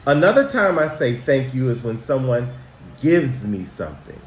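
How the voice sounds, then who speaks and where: Man, school counselor, emphatic, questions to kids, lively pitch, roomy echo. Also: slight background noise. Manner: slow, emphatic, speaks directly to kids with questions. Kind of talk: teaching children about manners.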